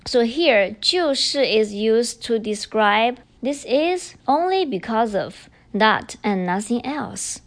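A woman hosting a language-learning podcast, with a fairly high voice that rises and falls a lot. She explains grammar patterns patiently and repeats each example sentence clearly. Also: animated, slow pace, hardly any pauses. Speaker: podcast host and Chinese teacher. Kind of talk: bilingual language lesson.

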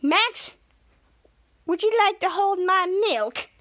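A childish male villain who whines and shouts about his revenge, as a woman reads his lines. The voice sits high and close, in a dry room without echo. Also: lively intonation, takes it slowly, exaggerated voice. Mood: scheming. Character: childish vengeful male supervillain toddler.

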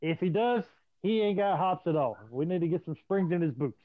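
A man casually swapping profane stories in an animated, storytelling way. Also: high-pitched, a little fast, no room sound. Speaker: podcast host. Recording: dry, tinny phone-like line.

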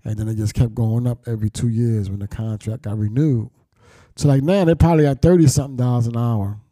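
A man's voice: mid-range voice, brisk, mellow, no echo, clean studio sound. A middle-aged man telling his life story candidly, blunt and profane, with street slang and reflective turns. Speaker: storyteller recounting his past.

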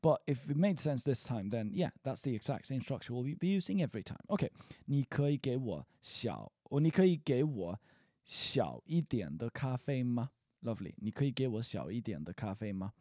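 A man's voice: mid-range voice, sing-song, fairly quick, dark tone, dry recording, studio quality. A man teaching a casual spoken language lesson, encouraging and chatty, often trailing off into fillers and restarts.

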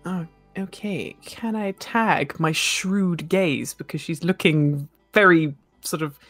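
A woman's voice: on the low side, slow pace, dry recording, soft background music. A woman playing a tabletop game, rambling and giggly, describing her character. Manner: giggly, rambling, often laughing. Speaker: player.

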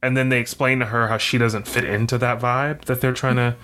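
A man's voice: mid-range voice, little pitch movement, brisk, pushed and bright. A man co-hosting a podcast, chatting casually about a film with lots of fillers and jokes. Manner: rambling, many fillers, joking. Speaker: podcast co-host. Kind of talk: casual chat.

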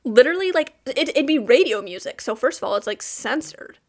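A woman's voice: high voice, animated, brisk. A young woman co-hosting a casual podcast, telling rambling stories full of fillers and restarts. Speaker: podcast co-host. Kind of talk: casual chat.

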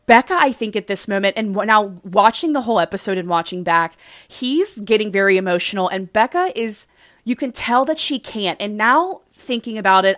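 A woman's voice: medium pitch, fairly bright tone, no echo, clean studio sound. A woman chatting casually as she recaps a reality show, rambling and gushing, with lots of "like" in her speech. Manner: gushing, rambling, heavy use of "like".

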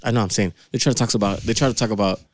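A man's voice: lowish voice, racing, no echo, studio quality. A young man, co-hosting a podcast in crude, joking casual banter. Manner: animated, joking, swears a lot, breaks into laughs. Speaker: podcast co-host. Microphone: podcast mic.

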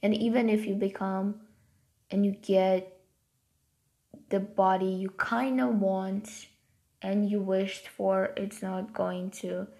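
A woman's voice: mid-range voice, level tone, slow pace, long pauses. A woman vlogging casually to her viewers, rambling with many filler words and talking with passion about her hobbies and life. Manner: rambling, heavy use of "like" fillers; passionate, then softer and quieter. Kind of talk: casual talk to camera.

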